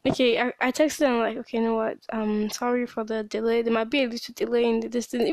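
A woman's voice: on the high side, level tone, fast, few pauses, darkish tone, dry recording. A woman hosting a personal diary podcast, upset and worn out from crying, venting in broken, restarting sentences. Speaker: podcast host and small business owner.

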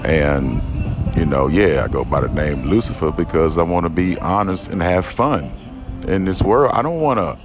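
A podcast host with a low voice delivers a rambling spiritual monologue outdoors in a garden at a moderate pace, speaking over music. He is profane and emphatic, and he often restarts and repeats himself.

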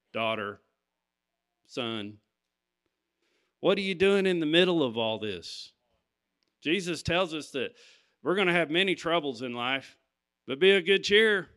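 A man's voice: fairly high pitch, sharp tone, clear, resonant tone. A man preaching a sermon, reading scripture and talking to the congregation in an emphatic, conversational way.

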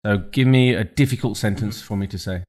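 A man hosting a casual podcast interview, reading out sentence starters slowly like a quiz. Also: on the low side, a little mellow. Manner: quiz-style prompting, drawn-out sentence starters. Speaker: podcast host.

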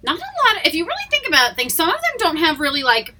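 A woman co-hosting a casual podcast game of guessing songs, giggly and animated, dropping to whispers while she thinks. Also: very high voice, fast. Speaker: podcast co-host.

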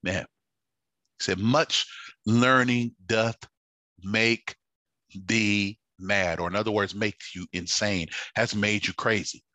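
A man preaching a sermon, halting with fillers and restarts, building to fervent emphasis. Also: fairly low pitch, fairly even intonation, sharp tone, no room sound.

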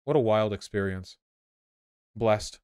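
A man giving casual, sarcastic commentary while reacting to video clips, with quick asides. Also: fairly low pitch, a little mellow, clean tone, no echo, studio quality.

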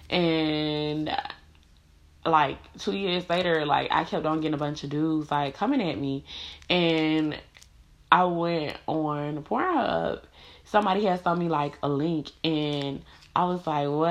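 Low-voiced young woman, frank and profane. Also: muffled recording. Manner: frank, profane, heavy use of "like" fillers. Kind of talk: casual storytelling to camera.

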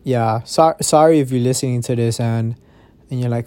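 A young man hosting his own podcast, chatting casually in a rambling, profane way, recorded on a phone in his dark bedroom. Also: mid-range voice, moderate pace, clean tone, no room sound. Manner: rambling, profane, restarts often. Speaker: podcast host. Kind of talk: casual solo podcast chat. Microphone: phone microphone.

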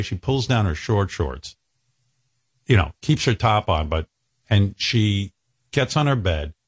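A man with a low, husky voice rambles through a crude comic story, chuckling now and then. His pitch sits on the deep side, and his breathy tone softens the edges of his talk. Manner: rambling, graphic, chuckling as he talks.

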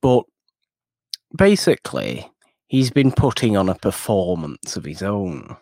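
A woman co-hosting a podcast, giving wry, animated commentary while recapping a film in casual chat. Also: very deep voice, measured pace, vocal fry, no echo. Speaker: podcast co-host.

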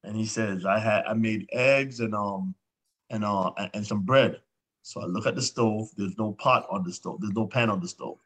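Husky man retelling a talk with his son. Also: fairly low pitch, normal speed, a bit bright. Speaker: podcast guest. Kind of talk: casual chat.

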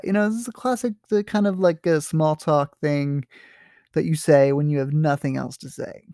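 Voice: mid-range voice, moderate pace, mellow, dry recording, studio quality. A teacher explaining a short story in a casual, hesitant way, with many fillers and checks for understanding. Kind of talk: literature lesson, explaining a story.

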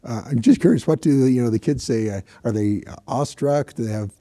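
A man's voice: medium pitch, a little fast, warm tone. A man hosting an interview, asking curious questions and murmuring agreement. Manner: curious, back-channels with mm. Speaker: interviewer host.

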